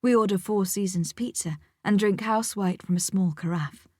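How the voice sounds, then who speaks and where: A woman narrating a first-person audiobook in a measured, reflective way, with a close studio mic. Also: mid-range voice, dark tone, dry recording.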